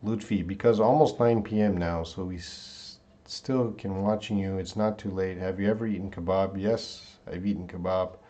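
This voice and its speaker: A man teaching English pronunciation on a live stream, repeating words slowly syllable by syllable and greeting viewers by name. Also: low-pitched, fairly even intonation, warm tone. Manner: drawn-out word repetition, reading viewer names.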